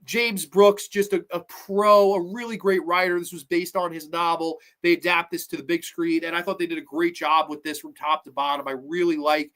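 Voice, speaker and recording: A man hosting a podcast, chatting casually about a film in a rambling, excitable way and swearing often. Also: fairly high pitch, normal speed, few pauses. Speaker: podcast host. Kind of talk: casual movie review chat.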